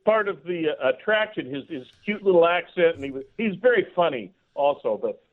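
A man's voice: a little high, expressive, fairly quick. A man calling in as a guest on a radio talk show, chatting casually, laughing often and repeating words as he goes. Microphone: phone call. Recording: tinny phone line.

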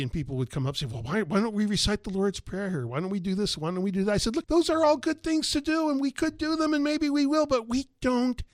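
A middle-aged male preacher with a slightly higher voice, talking through his teaching like a conversation. He tells stories and acts out little exchanges as he goes. The sound is dry and close, with no room around it. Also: no echo. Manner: conversational, lively storytelling with quoted exchanges. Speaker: pastor and radio teacher. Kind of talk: teaching sermon on a program.

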